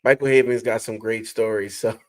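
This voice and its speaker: A man's voice: fairly low pitch, fairly even intonation, a little fast. A man hosting a casual livestream, greeting viewers and reading their comments aloud. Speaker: livestream host reading chat.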